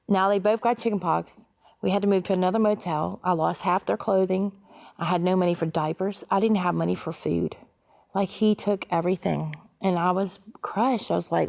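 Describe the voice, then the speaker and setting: Low gravelly woman giving testimony. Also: darkish tone. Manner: halting, many fillers and restarts. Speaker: testimony speaker. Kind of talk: personal testimony.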